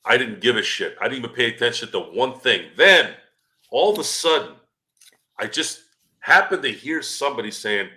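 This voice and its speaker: Male podcast co-host, tense bright voice, lively storyteller who swears and mimics. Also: medium pitch, moderate pace. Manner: animated storyteller, swears freely, acts out quoted voices. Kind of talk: casual sports podcast chat.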